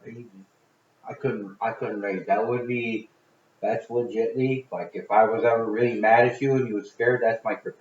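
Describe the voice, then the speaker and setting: A man co-hosting a podcast, joking and swearing, breaking into loud excited bursts. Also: on the low side, moderate pace. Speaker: podcast co-host. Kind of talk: casual podcast chat. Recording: echoey room, dull lo-fi sound.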